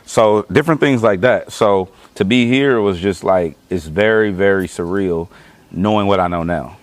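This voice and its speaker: A young man talks in a loose, slangy way and swears freely as he tells stories. His voice sits a little low. The sound is close and dry, with almost no room in it. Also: moderate pace, dry recording. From east side of Los Angeles. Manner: laid-back slangy storytelling, swearing freely. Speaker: guest. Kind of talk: casual chat.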